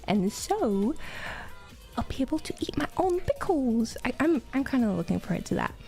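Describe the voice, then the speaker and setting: A woman's voice: fairly high pitch, sing-song, normal speed, a little mellow, soft background music. A woman with a Quebec French accent, a native French speaker, chatting casually on a livestream, greeting and thanking viewers between stories.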